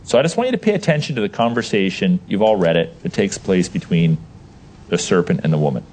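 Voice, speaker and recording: Leading a Bible study, this man speaks quickly in a low register, and the recording carries a faint hiss or hum. His delivery is lively and forceful as he works through verses and quizzes the group.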